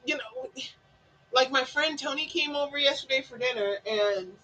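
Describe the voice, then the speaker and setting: Woman host, high bright voice, bubbly and giggly, animated delivery. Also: moderate pace, dull audio. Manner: bubbly, laughs often, does silly voices. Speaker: livestream host. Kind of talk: casual chat.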